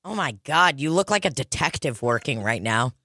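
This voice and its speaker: A woman's voice: extremely low pitch, expressive, normal speed, bright, forceful tone, dry recording, studio quality. A young woman co-hosting a casual chat, rambling, swearing freely and teasing her friend. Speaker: podcast co-host.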